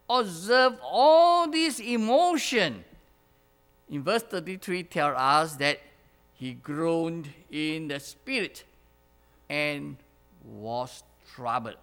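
Slow, lively-voiced preacher man in an echoing hall. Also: high voice. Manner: asks the congregation questions, repeats phrases, chuckles. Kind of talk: sermon. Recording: long hall reverb.

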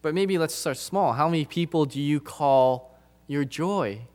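A man's voice: on the high side, a little slow. Emphatic male preacher. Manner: emphatic, repeats phrases for stress, shifts from loud to soft. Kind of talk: sermon.

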